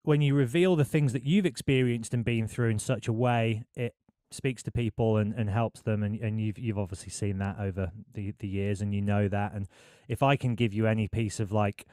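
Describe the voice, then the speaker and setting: A man's voice: lowish voice, steady tone, moderate pace, mellow, dry recording, studio quality. A man hosting a podcast, interviewing a guest in an earnest, encouraging way. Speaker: podcast host. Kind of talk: casual interview.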